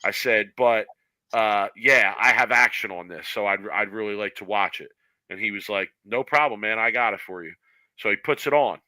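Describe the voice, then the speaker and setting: Bright, lively storytelling man. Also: lowish voice, normal speed, no room sound, low-quality recording. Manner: animated storyteller, acts out quoted voices. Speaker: podcast co-host. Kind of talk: casual storytelling chat.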